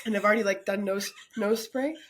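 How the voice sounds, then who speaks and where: A woman's voice: medium pitch, brisk, noisy background. A woman co-hosting a family podcast, reluctant and groaning, her mouth burning from hot sauce. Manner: reluctant, groaning, coughing and laughing. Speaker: podcast co-host. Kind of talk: casual chat.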